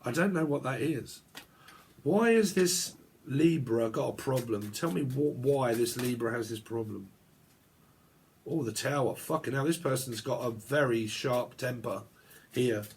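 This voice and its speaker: A man's voice: mid-range voice, measured pace, a little hiss or hum. A man giving a casual tarot reading, ranting and swearing as he acts out both sides of an argument. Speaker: tarot reader.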